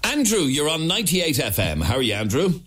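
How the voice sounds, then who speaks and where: An Irish man hosting a radio phone-in show, chatting in an animated, emphatic, jokey way. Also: a little high, a little fast. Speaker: radio talk show host. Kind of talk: casual radio phone-in chat. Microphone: studio microphone.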